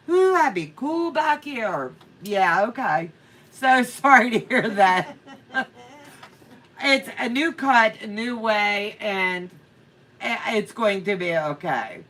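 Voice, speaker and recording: A middle-aged woman co-hosting a quilting livestream chats casually, telling a funny story with frequent laughs and reading viewer comments aloud. Her mid-range voice is a bit bright and recorded from a distance.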